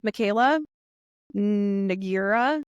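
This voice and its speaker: A woman's voice: medium pitch, slow pace, clean tone, dry recording, muffled recording. A woman co-hosting a podcast, chatting casually and laughing easily along with her co-host. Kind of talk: casual chat.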